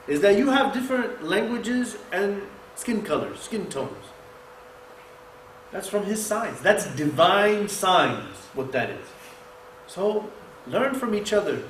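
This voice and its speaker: Animated high-voiced man giving a sermon. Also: moderate pace. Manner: animated, rhetorical questions, quotes Arabic scripture. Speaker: mosque speaker. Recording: echoey room with faint noise.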